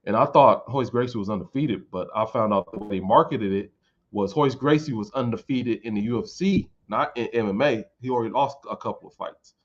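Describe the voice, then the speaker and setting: A man's voice: fairly low pitch, a little fast. Male vlogger, loose profane fight chat, muffled audio. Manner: rambling, profane, informal. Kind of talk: casual commentary.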